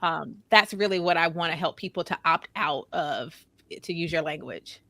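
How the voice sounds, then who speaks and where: Woman, podcast guest, bright voice, earnest, emphatic, dry close sound. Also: sits low, moderate pace, no echo. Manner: earnest, emphatic, repeats phrases for stress. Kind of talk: casual podcast conversation.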